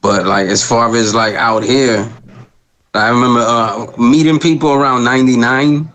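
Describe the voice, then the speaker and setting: A laid-back middle-aged man talking casually as a podcast guest. He speaks in a relaxed, slangy way full of fillers, and his voice sits at a plain middle pitch. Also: normal speed, rough recording. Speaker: guest rapper.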